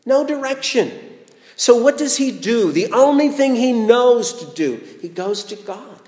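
Slow, playful man preaching in an echoey hall. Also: very high voice, animated, darkish tone. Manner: storytelling, playful, rhetorical questions. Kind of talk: sermon.

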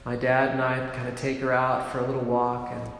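A man, a priest from a monastic order, giving a gentle, reflective sermon, unhurried and often breaking into soft laughs. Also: medium pitch, completely flat delivery. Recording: very echoey hall with long reverb, faint room noise.

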